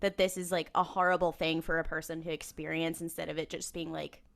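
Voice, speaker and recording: A woman's voice: low-pitched, fairly quick, creaky. A woman co-hosting a podcast, chatting casually about a TV episode with frank asides. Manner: animated commentary with swearing asides. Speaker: podcast co-host. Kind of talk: casual recap chat.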